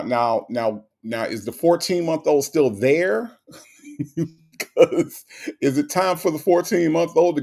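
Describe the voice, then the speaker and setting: A man's voice: fairly low pitch, darkish tone. A man hosting a casual livestream, greeting viewers by name and reading their chat messages aloud. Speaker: livestream host.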